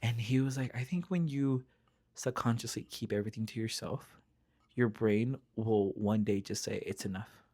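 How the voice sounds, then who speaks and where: A man hosting a casual podcast chat, telling stories in an animated, slangy way. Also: on the low side, normal speed.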